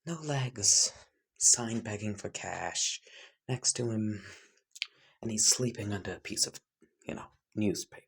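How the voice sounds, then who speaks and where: A man's voice: lowish voice, a little slow, creaky, pauses often, a bit bright, breathy edge. A man casually improvising a fan fiction story, rambling with many fillers and dropping into whispers.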